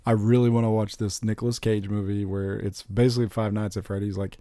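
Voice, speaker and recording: A man in casual chat, rambling and excitable, swearing freely as he talks about movies. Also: fairly low pitch, a little fast, dry recording. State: recently recovered from covid.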